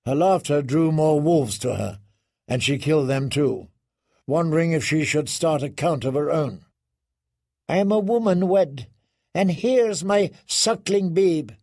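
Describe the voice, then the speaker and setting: A man narrating a grim story in a slow, measured audiobook reading. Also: on the high side, a little mellow. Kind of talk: scripted narration.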